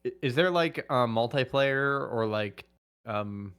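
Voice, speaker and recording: A man's voice: medium pitch, lively intonation, takes it slowly, fairly bright tone, clear, resonant tone. A man chatting playfully on a podcast, hesitant and full of "like" and "um". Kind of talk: casual chat.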